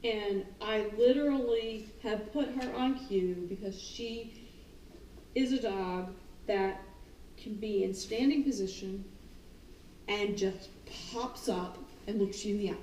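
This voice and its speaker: A woman who trains dogs, talking casually and animatedly, often acting out the dogs' thoughts and her own excited calls. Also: mid-range voice, slow pace, slight background noise. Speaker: dog trainer. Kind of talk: casual talk on dog training. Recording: roomy, distant mic, faint ambience.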